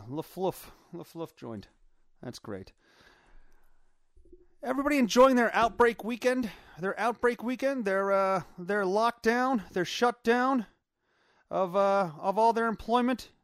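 A man with a slightly high, gravelly voice hosts his own podcast from his home basement. The recording is dry and studio quality, and he chats casually on his own, rambling and swearing with plenty of filler words.

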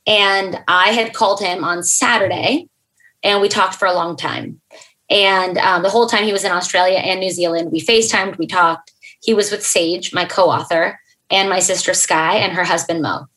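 A young adult woman, a podcast guest, telling an emotional personal story in an earnest, halting way, with fillers and restarts. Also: on the low side, steady tone, fairly bright tone, poor audio.

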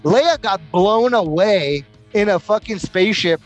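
A man's voice: sits high, expressive, a little slow, faint music behind. Ranting, foul-mouthed man co-hosting a podcast. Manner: loud, ranting, profane, full of mocking put-on quotes. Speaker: podcast co-host. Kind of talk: casual profane chat.

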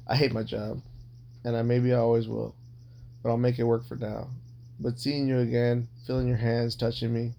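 Gravelly-voiced man rambling, crudely candid. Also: mid-range voice, a little mellow. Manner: rambling, heavily profane, blunt. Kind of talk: casual confessional storytelling.

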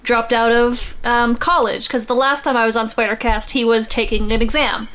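Female podcast guest, smooth, slightly high voice, chatty rambling delivery. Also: level tone, normal speed, fairly bright tone. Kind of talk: casual chat about comics.

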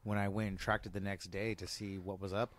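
A man on a casual podcast making dark, wisecracking jokes. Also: fairly low pitch, flat delivery, fairly quick, background noise. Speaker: podcast co-host. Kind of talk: casual chat.

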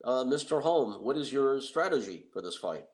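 A man voicing a polite woman TV producer who asks halting, hesitant questions. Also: mid-range voice, big pitch swings, pitched above the performer's own voice, close to an everyday voice.

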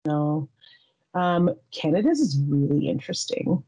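A woman in her thirties hosting a podcast, chatting in a rambling, giggly, halting way. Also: low-pitched, expressive, dark tone, rough recording. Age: 30s. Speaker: podcast host. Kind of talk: casual chat.

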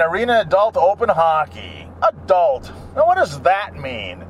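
A man's voice: high voice, huge pitch swings, measured pace, hardly any pauses, slight background noise. A middle-aged man chatting casually while driving, rambling from topic to topic and grumbling at other drivers. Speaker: vlogger. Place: in a car.

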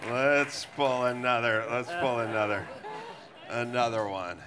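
A middle-aged man hosting a live comedy podcast, telling profane stories in an animated way and laughing as he talks. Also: mid-range voice, unhurried, a crowd in the background. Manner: animated, swearing, laughs mid-sentence. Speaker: podcast host. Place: live show on stage.

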